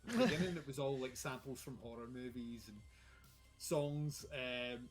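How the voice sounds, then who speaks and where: A man's voice: mid-range voice, normal speed. A Scottish man co-hosting a livestream, talking casually in a wry, rambling way with lots of fillers. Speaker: podcast co-host. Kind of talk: casual chat.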